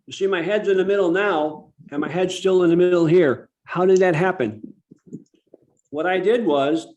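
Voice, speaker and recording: Male workshop presenter, slightly high voice, demonstrative teaching delivery, video-call sound. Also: darkish tone. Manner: demonstrative, slows down to stress key words. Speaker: public speaking workshop presenter. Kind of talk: instructive online workshop talk.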